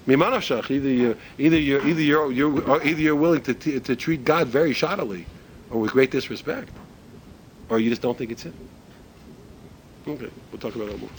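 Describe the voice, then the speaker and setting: A male Torah teacher gives a class in a loose, conversational way, often restarting sentences. He asks his listeners rhetorical questions in a middle-pitched voice. Faint noise runs under the recording. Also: fairly quick, rough recording. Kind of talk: religious ethics class.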